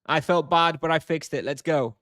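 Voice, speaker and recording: A man's voice: a little high, normal speed, fairly bright tone, dry recording, studio quality. A man streaming a game live, chatting casually with his chat, thinking aloud with fillers and frequent chuckles.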